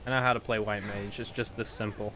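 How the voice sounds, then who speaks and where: A man's voice: fairly low pitch, flat delivery, fast talker, sharp tone. A man streaming a game, chatting and laughing easily with friends. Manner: laughing, easygoing banter. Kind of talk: casual gaming chat. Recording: game music behind voice. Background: game music.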